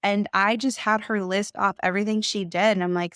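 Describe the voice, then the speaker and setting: A woman coach and mother giving conversational advice, emphatic and quick to act out the voices she quotes. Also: medium pitch, steady tone, a bit bright, smooth, no echo, clean studio sound.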